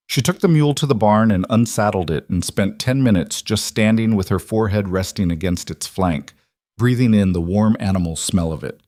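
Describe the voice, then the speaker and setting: A man narrating a story in a calm, even audiobook reading. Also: lowish voice, no echo, studio quality.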